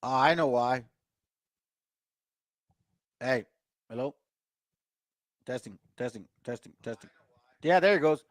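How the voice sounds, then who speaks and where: A man's voice: medium pitch, takes it slowly, long pauses, no echo. A man casually teaching the Bible, reading verses aloud and explaining them in laid-back street talk to his listeners.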